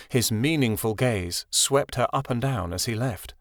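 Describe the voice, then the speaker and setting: A man narrating a fantasy audiobook in an expressive storytelling read. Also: mid-range voice, measured pace, no room sound, clean studio sound.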